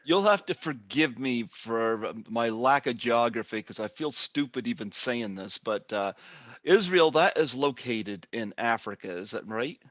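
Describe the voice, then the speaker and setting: A man's voice: medium pitch, expressive, unhurried, fairly bright tone, no echo. Canadian man, podcast host, chatty, laughs a lot, dry muffled call audio. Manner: chatty, laughs often, self-deprecating. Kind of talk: casual interview over a call. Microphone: video call.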